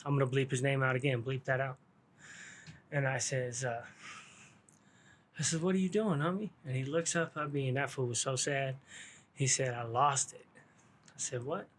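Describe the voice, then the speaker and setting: A man's voice: mid-range voice, a bit bright. A man telling a story from his own past in casual, slangy street talk, swearing freely and laughing along.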